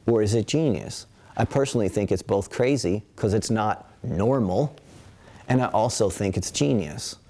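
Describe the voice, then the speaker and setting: A man teaching qigong in a webinar, calmly counting breaths aloud and asking rhetorical questions. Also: lowish voice, unhurried. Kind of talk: guided qigong instruction. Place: indoor studio with camera. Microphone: webinar camera mic.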